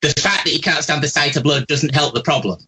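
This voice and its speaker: A man giving callers blunt, animated psychic readings on live call-in radio. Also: a little high, fast talker, poor audio. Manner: blunt, chatty, animated, says "bugger off", "bloody", "love", "posh".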